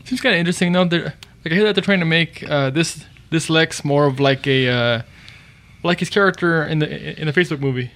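A man co-hosts a casual podcast and passes on film rumors at a quick clip. His voice sits slightly high, and his talk is relaxed and full of hesitant fillers. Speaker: podcast co-host. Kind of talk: casual chat about comics and films.

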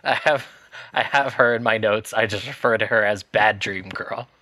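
A man with a fairly low voice chats loosely about a film on a podcast. He stumbles through his thoughts and laughs a lot. The sound is dry and close to the mic. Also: normal speed, bright, forceful tone, no room sound. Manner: rambling, hesitant, laughs often. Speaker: podcast co-host. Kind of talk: casual movie chat.

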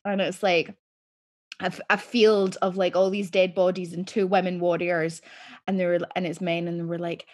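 A woman's voice: on the low side, level tone, normal speed. Chatty sweary Scottish woman host. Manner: sweary, chatty, laughs often. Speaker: podcast host. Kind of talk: casual chat.

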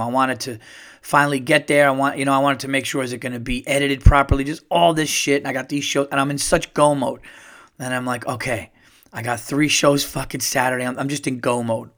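Man telling a rambling, excited story. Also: mid-range voice. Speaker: podcast host. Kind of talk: casual storytelling monologue.

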